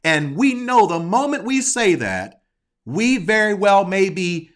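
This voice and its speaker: This discussion guest, a man with a somewhat high voice and big swings in pitch, works through a sensitive subject in casual conversation. He's earnest but halting, restarting his sentences again and again while he finds his point.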